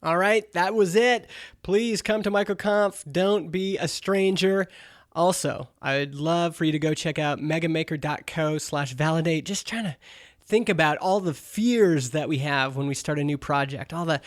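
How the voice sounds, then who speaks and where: A fairly high-voiced man hosting a podcast, chatting casually and keeping things upbeat. His voice sits close and dry on the mic, with hardly any room sound. He slips into quick acted-out bits of dialogue as he talks. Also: no room sound. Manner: chatty, upbeat, acts out quoted exchanges. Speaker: podcast host.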